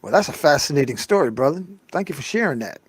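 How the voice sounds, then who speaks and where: A man's voice: a little high, sing-song, fast, husky, no room sound. A man hosting a casual conversation, responding with enthusiasm.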